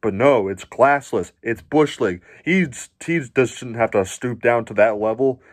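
A man's voice: medium pitch, a little slow, no echo, studio quality. A man ranting angrily as a sports fan, furious, swearing and insulting. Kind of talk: angry profane rant.

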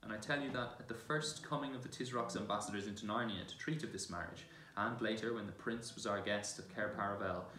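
A man's voice: fairly low pitch, fairly quick, hardly any pauses, sharp tone, a little hiss or hum. A man voicing a grave, stern young king who speaks in formal, old-fashioned phrases, in a roomy church from far off.

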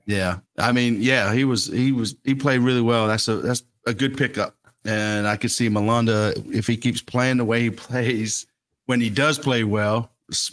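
A man's voice: fairly low pitch, fairly bright tone. A man co-hosting a casual football fan show, rambling in a laid-back, dismissive way. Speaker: co-host.

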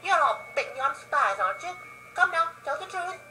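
A gamer reading a video game cutscene aloud, voicing an excitable, scheming male court advisor in a squeaky voice that rises to gleeful shrieks. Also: moderate pace, exaggerated voice, poor audio. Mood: indignant. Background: game music.

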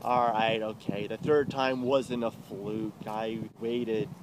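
Agitated young man ranting over loud street noise. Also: lowish voice, level tone, slow pace. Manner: profane, agitated, swings loud and soft. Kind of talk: ranting confessional monologue.

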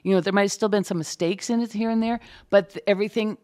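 A woman's voice: medium pitch, steady tone, quick pace, darkish tone. A middle-aged woman with a light Minnesotan accent, chatting casually as an interview guest and thinking aloud with fillers and restarts. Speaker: closed captioner, guest.

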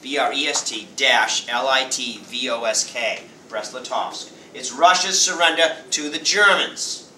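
A man teaching a high school history class, lively and playful, acting out quick voices for the people in his story. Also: a little hiss or hum. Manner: lively, acts out quick voices of nations and leaders. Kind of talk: classroom lecture. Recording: roomy classroom sound from far off.

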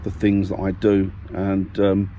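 Man, deep-ish voice, casual car vlog, friendly rambler, noisy audio. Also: monotone, measured pace, mellow. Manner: rambling, self-correcting, friendly. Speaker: vlogger. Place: parked car.

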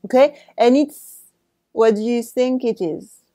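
A French-accented woman gives a lesson to camera. Her voice sits somewhat high, and she takes her time, repeating each word slowly so learners can follow. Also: dark tone. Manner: slow, careful, repeats words for drill. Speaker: French teacher.

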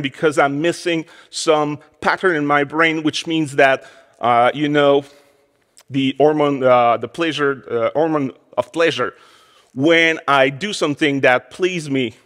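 A man's voice: on the high side, a bit bright. Candid male speaker in a reverberant hall. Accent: French Canadian. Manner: candid, self-deprecating, restless. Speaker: conference speaker. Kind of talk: conference talk. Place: conference hall. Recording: conference hall with long reverb.

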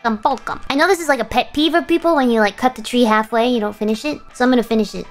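A woman's voice: on the high side, rapid-fire. A woman streaming a game, chatting casually with goofy, flirty jokes and sudden squeals. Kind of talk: casual gaming stream chat. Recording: faint game music behind.

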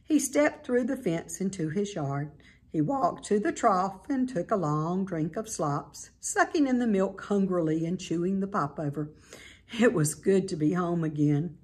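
A middle-aged woman teacher reading a children's book aloud in a calm, clear storytelling manner. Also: lowish voice, measured pace.

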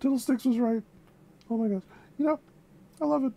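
A woman's voice: fairly high pitch, a little fast, gravelly, pauses often, mellow. A young woman chatting casually in a music reaction vlog, gushing and effusive, often repeating her phrases.

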